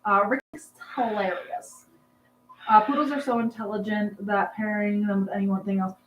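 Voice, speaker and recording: A chatty young woman hosts a relaxed livestream and rambles from one story to the next, filling the gaps with "um"s. Her voice sits at a mid pitch. It carries a noticeable room echo over a faint background hum. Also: normal speed, muffled recording. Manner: rambling, chatty, lots of "um"s, laughs with the chat. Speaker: livestream host chatting with viewers. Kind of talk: casual live chat.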